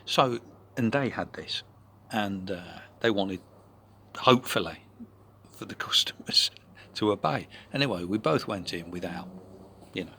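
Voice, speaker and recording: A man's voice: on the low side, expressive, a little slow, long pauses, a little hiss or hum. Chatty, rambling man. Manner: rambling, chatty, full of "you know" asides, drops into soft whispers. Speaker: vlogger. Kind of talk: casual anecdote telling.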